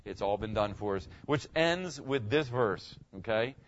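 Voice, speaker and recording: A man's voice: fairly low pitch, expressive, measured pace. A middle-aged man preaching a sermon to his congregation in a church, talking conversationally, repeating phrases and asking the listeners questions. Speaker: pastor. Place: church sanctuary. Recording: dull lo-fi recording.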